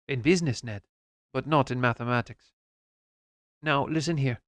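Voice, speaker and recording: A man narrating an audiobook in a measured, precise, somewhat lecturing way. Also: mid-range voice, fairly bright tone, no echo, clean studio sound. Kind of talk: audiobook reading.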